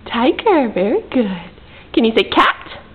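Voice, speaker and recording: A woman's voice: on the high side, big pitch swings, a little slow. A mother filming her toddler at home, coaxing her in sing-song baby talk. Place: home, indoors. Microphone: built-in camera mic. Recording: tinny lo-fi home camcorder audio with faint hiss.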